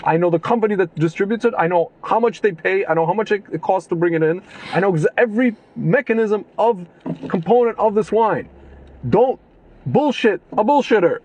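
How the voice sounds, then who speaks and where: A man co-hosting a podcast, chatting casually and ranting with animated, mocking asides. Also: high voice, brisk, dull audio. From Kentucky. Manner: animated, ranting, mock voices. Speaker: podcast co-host. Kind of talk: casual chat.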